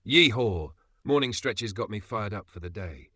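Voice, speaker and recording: A man's voice: on the low side, expressive, normal speed, sharp tone, husky, no room sound, clean studio sound, exaggerated voice. A man voicing a defiant young fugitive on the run, with a clipped, brash delivery.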